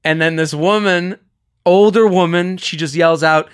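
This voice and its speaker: A young man with a fairly high voice hosts a casual podcast. He tells stories with energy, mimics the people in them and swears freely. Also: measured pace, smooth. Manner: animated storyteller, acts out quotes, swears freely. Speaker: podcast host. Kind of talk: casual chat, storytelling.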